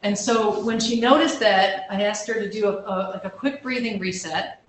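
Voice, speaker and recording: A woman counselor talks through a workshop in a loose, conversational way, often restarting her sentences and checking in with the room. Her voice sits at an ordinary middle pitch. It is picked up from across a strongly echoing lecture room, with a faint hum underneath. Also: moderate pace, distant mic. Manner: conversational and self-deprecating, with frequent restarts and "right?" check-ins. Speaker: campus counselor giving a workshop talk.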